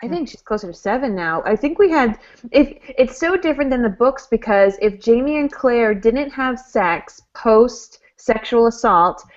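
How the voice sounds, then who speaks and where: A woman co-hosting a podcast in casual chat, explaining her points in an animated way over a video call. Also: fairly high pitch, normal speed. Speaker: podcast co-host. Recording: dull lo-fi call audio.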